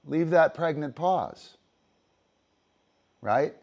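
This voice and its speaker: This disc dog trainer and show host has a voice on the high side with lively intonation, speaking very slowly. On his dog-training livestream he explains casually and profanely, using lots of fillers and "right?" tag questions. The highs in the audio are cut off.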